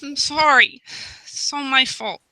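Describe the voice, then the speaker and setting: A woman voicing a remorseful young woman who stumbles over apologies through tears. The voice is very bright and close, and the recording is dry with no room sound. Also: high voice, no echo, heavily acted, poor audio. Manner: tearful, halting.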